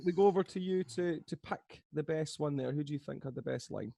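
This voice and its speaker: A man's voice: on the high side, a little fast, creaky, mellow, dry recording, clean studio sound. A man hosting a comedy game show over a video call, teasing the players and laughing at his own jokes.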